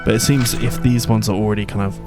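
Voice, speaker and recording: A man's voice: on the low side, steady tone, fast. A man giving casual gameplay commentary as he plays, thinking aloud and rambling. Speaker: let's-play commentator. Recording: game music playing underneath.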